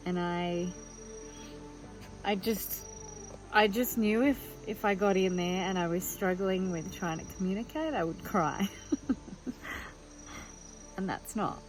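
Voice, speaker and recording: A woman's voice: medium pitch, a little slow, pauses often, poor audio. Woman doing a candid vlog, rambly open chat, music bed in the back. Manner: chatty and open, thinking aloud. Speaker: vlogger.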